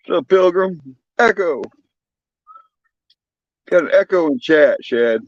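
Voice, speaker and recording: A man's voice: fairly high pitch, lively intonation, slow, no echo. A man calling in to a livestream, chatting in a laid-back, joking, swearing way. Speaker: guest caller on a stream. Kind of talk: casual chat. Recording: dull lo-fi call audio.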